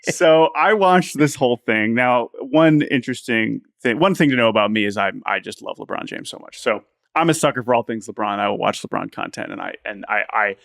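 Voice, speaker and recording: Male co-host, easygoing banter, average pitch, close dry studio sound. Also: a little fast, gravelly, no room sound. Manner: animated, laughs often, repeats words while thinking. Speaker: podcast co-host. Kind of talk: casual sports podcast chat.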